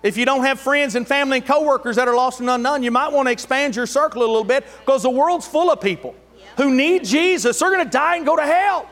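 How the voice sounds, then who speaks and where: In a church sanctuary, a pastor preaches fast in a strikingly high voice, fervent and building to shouts, with joking asides between points. The hall gives his sermon a long, trailing reverb.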